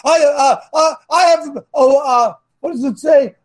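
A man hosting a talk show as a coach, preaching with passion and at times shouting. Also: very high voice, moderate pace, hardly any pauses. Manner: impassioned, swings to shouting. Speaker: host and coach.

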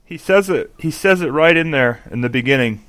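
An earnest male co-host of a religious talk show speaks emphatically, his pitch rising and falling in a lively way. The sound is dry and close. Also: a little fast, no echo.

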